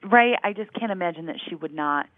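A co-host talking through a true-crime case in a measured, analytical way, stopping and restarting often. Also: medium pitch, animated, no echo. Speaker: podcast co-host. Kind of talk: casual chat about a true-crime series. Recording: tinny phone-like remote line.

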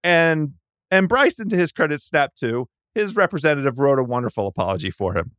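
A man's voice: on the high side, animated, fairly quick, fairly bright tone, dry recording. Podcast guest, male, talkative and rambling, clean resonant voice, dry close sound. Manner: rambling, many restarts mid-sentence. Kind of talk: casual sports chat. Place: Washington DC.

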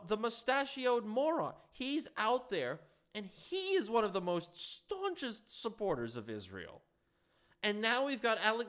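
A man's voice: sits high, fairly bright tone. A man delivering heated solo political commentary, sarcastic and profane, reacting to what he reads.

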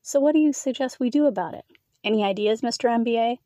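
A woman's voice: fairly high pitch, quick pace, mellow, no echo, lightly acted. A woman voicing a cold, commanding female executive who taunts in an icy, clipped manner.

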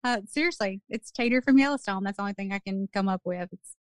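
A woman, co-hosting a podcast in casual chat, self-deprecating and quick to laugh. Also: medium pitch, no echo. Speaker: podcast co-host.

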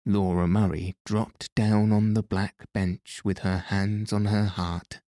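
A man reads a novel aloud in a calm, measured way. His voice is low and mellow, and his pace is slow. The recording is dry and close. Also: no room sound. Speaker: audiobook narrator. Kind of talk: scripted narration of a novel.

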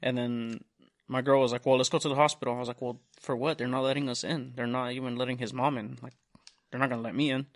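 In casual podcast chat, the young male host delivers a long, profane, animated story, quoting the other characters in their own voices. He's a fast talker with a medium pitch.

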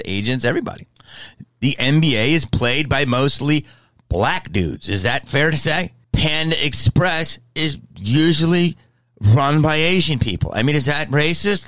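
A man's voice: a little high, a bit bright, no room sound, low-quality recording. A middle-aged man in casual chat, rambling and profane, with many restarts.

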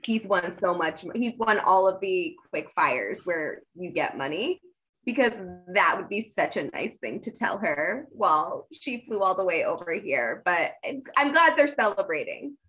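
A woman's voice: lowish voice, big pitch swings, measured pace, a bit bright, low-quality recording. A woman co-hosting a podcast, chatting in a playful, opinionated way. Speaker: podcast co-host. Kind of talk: casual chat.

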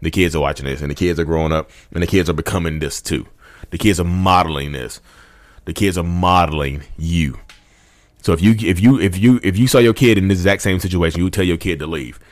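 A man's voice: deep voice, brisk. A man, hosting his own channel and ranting with emphatic repetition, calling his listeners y'all. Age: 30s. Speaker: YouTube host. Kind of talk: impassioned rant to camera.

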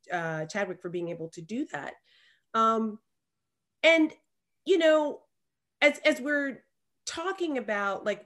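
A woman from Alabama with a Southern accent, co-hosting a podcast in animated, emphatic casual chat. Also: medium pitch. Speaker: podcast co-host.

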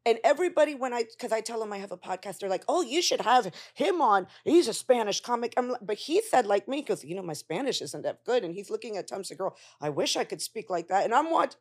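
A woman's voice: on the high side, very animated, fast talker, few pauses. A woman hosting a podcast, chatting in a rambling, admiring way with her guest. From United States. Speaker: podcast host. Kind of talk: casual podcast chat.

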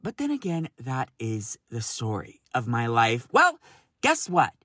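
A man in his thirties hosting a solo podcast, talking in an animated, exasperated way, swearing freely and laughing often. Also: medium pitch, a little slow, no room sound, studio quality. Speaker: podcast host.

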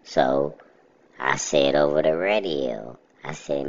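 A man's voice: very deep voice, takes it slowly. A young man, telling a story in a laid-back, chuckling way during an interview. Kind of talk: casual storytelling. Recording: slightly muffled audio.

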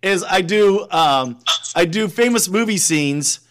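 A man's voice: sits high, lively intonation, measured pace. A man hosting a casual chat, rambling, stumbling over words and swearing freely. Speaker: podcast host.

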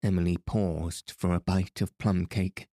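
A man narrating a novel calmly and soothingly as a bedtime story for sleep. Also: sits low, no room sound, clean studio sound. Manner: soft, soothing, unhurried. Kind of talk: calm audiobook reading for sleep.

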